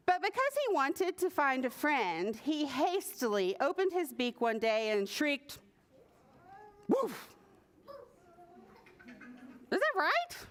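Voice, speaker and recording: A woman librarian reading a picture book aloud at a preschool story time, animated and sing-song, with playful animal noises. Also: high voice. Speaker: children's librarian.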